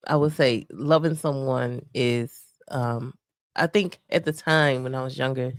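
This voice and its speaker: A woman co-hosting a faith-based marriage podcast, talking softly and reflectively with many pauses and fillers. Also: a bass voice, dry recording, studio quality. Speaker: podcast co-host. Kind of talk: casual faith-based chat about marriage.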